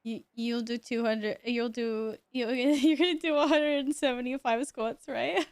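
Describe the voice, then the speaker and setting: Excitable woman streamer with a bright voice. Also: fairly high pitch, a little slow, dry recording, clean studio sound. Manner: excitable, laughs often, swears when amazed. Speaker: livestreamer. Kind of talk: casual stream chat with viewers.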